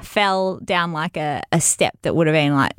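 A woman chatting casually on a podcast, telling a story in an animated way, laughing often and acting out what people said. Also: sits low, normal speed, clear, resonant tone, dry recording, studio quality. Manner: animated, laughs often, acts out quoted voices.

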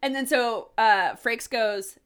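A woman's voice: fairly high pitch, slow pace, smooth. A woman co-hosting a podcast, recapping a TV episode in a loose, chatty way. She fills her speech with "like" and slips into the characters' lines as she goes. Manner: animated retelling, many "like"s, acting out quoted lines. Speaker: podcast co-host. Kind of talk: casual chat recapping a TV episode.

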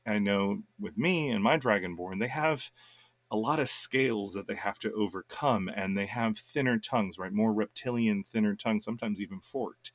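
A man co-hosting a casual chat about running tabletop games, animated and often restarting his sentences. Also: lowish voice, dry recording. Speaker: game master and co-host.

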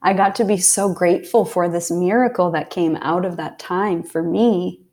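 A woman from Pennsylvania, a podcast guest, telling a personal story in a heartfelt way, sometimes dropping to a soft whisper. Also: fairly low pitch, moderate pace. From Pennsylvania, USA. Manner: heartfelt, drops to soft whispers when recalling intense moments. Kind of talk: casual storytelling.

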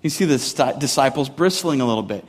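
A man's voice: medium pitch, animated, fast talker, breathy edge, big-room sound. A man preaching a sermon in a casual, conversational way, with many "like" fillers, building intensity as he goes. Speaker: pastor.

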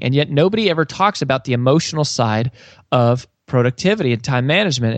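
A man's voice: medium pitch, no echo. A man, an author and sales coach, answering an interview in an earnest storytelling way, with many restarts. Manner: earnest, frequent restarts and fillers.

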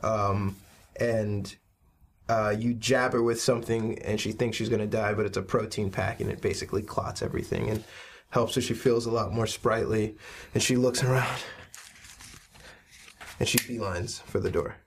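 A man's voice: fairly low pitch, moderate pace. Man narrating as game master. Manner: relaxed, rambling narration with fillers.

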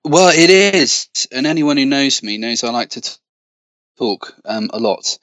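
A man's voice: mid-range voice, lively intonation, measured pace, a bit bright, dry recording. An English man from the Cotswolds chats as a podcast guest, full of ums, restarts and self-deprecating asides. His voice comes over a video call and sounds dull and slightly muffled. The sound is close and dry. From Gloucestershire, England. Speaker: podcast guest, web business owner. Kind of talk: casual interview chat.

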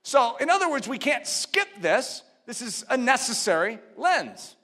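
A male preacher with a high, ringing voice that swoops up and down as he delivers his sermon. He works through his points with rhetorical questions, then drives them home with forceful, near-shouted exhortations. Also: very animated, measured pace. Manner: teaching step by step, posing rhetorical questions.

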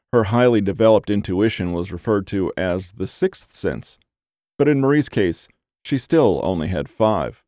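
With a lowish voice, a male narrator delivers a scripted audiobook at a calm, steady pace. The audio is studio quality and free of any room sound.

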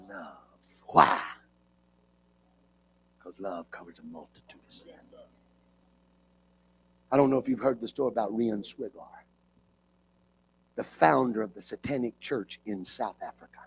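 Gravelly fervent preacher man. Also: mid-range voice, moderate pace, long pauses. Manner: fervent, rising from talk to shouting. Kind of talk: revival sermon. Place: church with live congregation.

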